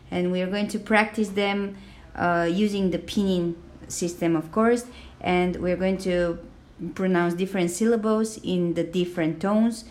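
A woman teaches a language lesson on a podcast, speaking slowly and carefully, using many fillers and modelling sounds aloud. Her voice is fairly low in pitch with a darkish tone.

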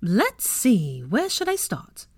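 A woman's voice: medium pitch, wildly swooping pitch, slow, a little mellow, husky, no echo, clean studio sound, voice pushed up, full character voice. A woman doing a gleeful gossipy young witch. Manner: laughing, gossipy. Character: lively young witch, mischievous friend.

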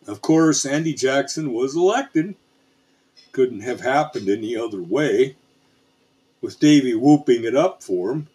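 A man tells a frontier storybook tale in a slow, unhurried drawl with folksy asides. His voice is husky and breathy, pitched a little high for a man, and he never rushes a line. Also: lively intonation, warm tone. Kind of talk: storybook narration.

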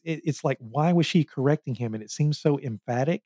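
A man co-hosting a casual movie podcast, picking at plot details in a questioning, animated way. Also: on the high side, brisk, dry recording, clean studio sound. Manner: nitpicky, questioning, animated retelling. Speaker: podcast co-host. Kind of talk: casual movie review chat.

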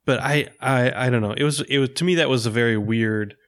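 A man's voice: medium pitch, a little fast, a bit bright. Thoughtful, hesitant man in podcast chat. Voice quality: thoughtful, hesitant, searching for words. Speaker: podcast co-host. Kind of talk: casual film-review chat.

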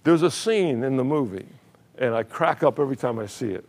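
A man's voice: mid-range voice, animated, brisk, creaky, a little mellow. An older man preaching a sermon in a church, telling a story with chuckles and many repeated words. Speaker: pastor.

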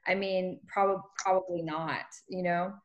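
A woman's voice: on the low side, fairly even intonation, a little slow, muffled recording, background noise. Woman teacher asking students questions. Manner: inquisitive, prompts students with questions. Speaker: teacher leading a class discussion. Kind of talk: conversational group discussion with students.

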